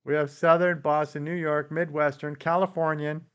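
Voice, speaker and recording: A man's voice: a little high, little pitch movement, moderate pace, a bit bright, smooth, muffled recording. A man with a Canadian accent hosting a casual live stream, reading viewer comments aloud and answering them with frequent chuckles.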